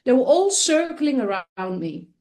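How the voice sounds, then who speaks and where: Higher-voiced woman telling a personal story. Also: a little slow. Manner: earnest, expressive, with frequent restarts. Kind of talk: personal storytelling on a talk show.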